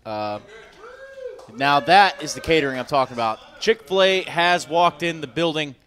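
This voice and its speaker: A young man calling an esports match play-by-play, excitable and jokey, quick to laugh between calls. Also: on the high side. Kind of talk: play-by-play commentary with banter.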